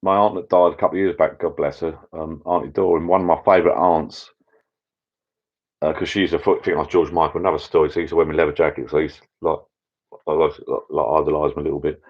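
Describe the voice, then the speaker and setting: A middle-aged man hosting a casual live chat with viewers from his backyard pub shed, rambling and getting easily excited. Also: rumbling low, fast talker. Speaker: channel host. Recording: dull lo-fi sound.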